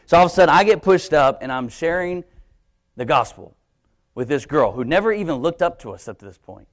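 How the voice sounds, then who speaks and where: A young adult man preaching a sermon in a church, telling a personal story with animated shifts in voice as he acts out his own thoughts. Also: on the high side, brisk. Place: church sanctuary, live stream.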